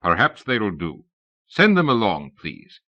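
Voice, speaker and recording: A man doing a deep Hungarian-accented nobleman. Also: huge pitch swings, heavily acted. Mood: courteous. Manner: slow and courteous. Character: deep-voiced aristocratic foreign nobleman. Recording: dull lo-fi cassette recording.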